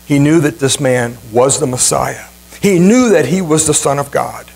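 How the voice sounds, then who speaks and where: A male pastor preaching a sermon with emphatic, dramatic repetition and swings in pitch. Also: lively intonation, normal speed, creaky, rough recording. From Ohio, USA.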